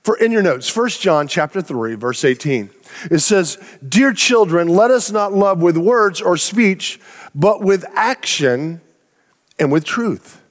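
High-voiced man preaching in a reverberant church. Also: expressive, slow pace. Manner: earnest storytelling with acted-out quotes. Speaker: pastor. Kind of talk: sermon. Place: church sanctuary.

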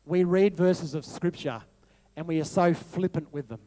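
A male pastor preaching to his congregation, moving from soft, hushed reflection to a rising, passionate appeal. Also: a little high, moderate pace. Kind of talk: sermon over worship music.

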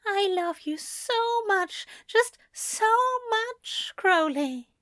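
A woman's voice: very high voice, animated, very slow, a bit bright, no echo, clean studio sound, voice pushed up, full character voice. A woman voicing a tender, weepy male angel who gushes breathlessly, in a fan fiction reading. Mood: gushing, tearful. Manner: breathless, gushing, tearful. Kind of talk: fan fiction read aloud.

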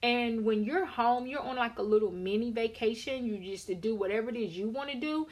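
A woman's voice: a little high, fairly quick. A woman vlogger telling a story to her viewers in a candid, emphatic, sassy way with casual swearing. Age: adult with a daughter.

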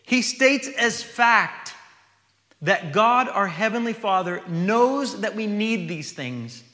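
Guy preaching a sermon, really high bright voice, reads verses then chats about them, long hall echo. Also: animated, slow. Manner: reads scripture then explains it conversationally.

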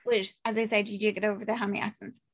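A woman's voice: medium pitch, fast, husky. A young Irish woman chatting casually on a podcast, retelling a film with acted-out lines and swearing. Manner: animated storyteller, acts out characters, swears freely. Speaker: podcast co-host. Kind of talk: casual chat recapping a film.

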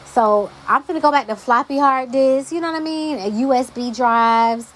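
A young woman hosts her own podcast and chats on her own in a fairly high voice. She talks emphatically, with exasperated asides. A faint hum of noise sits behind her. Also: normal speed, a bit bright, rough recording. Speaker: podcast host. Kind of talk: casual solo podcast monologue.

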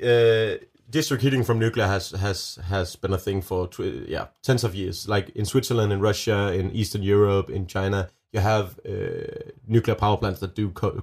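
A man's voice: fairly low pitch, darkish tone. A man with a Danish accent, answering interview questions as a nuclear energy advocate, earnest and emphatic with many restarts. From Denmark.

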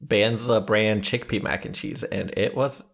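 Deadpan low-voiced man co-hosting. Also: a little slow, vocal fry. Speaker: podcast co-host. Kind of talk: casual chat.

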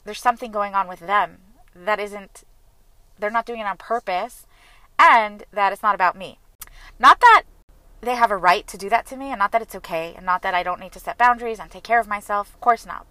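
Bright, earnest woman sharing openly. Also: medium pitch, no room sound, rough recording. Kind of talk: personal reflective talk.

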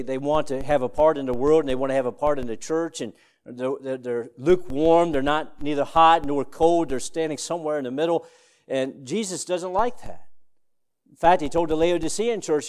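A middle-aged man delivering a Sunday school sermon in a plain, mid-pitched voice. His teaching runs halting, full of restarts and fillers. When he quotes scripture he climbs to loud, emphatic peaks. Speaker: pastor.

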